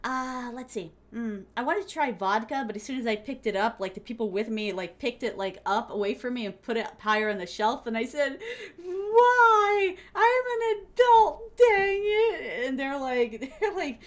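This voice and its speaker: Bubbly high-voiced young woman streamer. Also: a little fast, hardly any pauses. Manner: bubbly and giggly, many fillers, high squeals; fond pet names for viewers. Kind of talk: casual chat while gaming.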